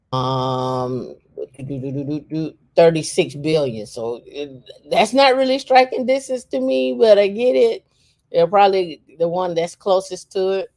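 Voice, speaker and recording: Co-host, mid-pitched, casual and halting, thinks aloud while browsing, plenty of fillers and restarts. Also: gravelly, darkish tone. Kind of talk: casual talk while browsing on a shared screen.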